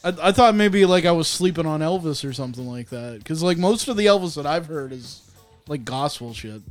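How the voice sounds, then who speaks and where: A man's voice: fairly high pitch, lively intonation, brisk, soft background music. A man co-hosting a podcast in casual chat, rambling with lots of fillers. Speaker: podcast co-host.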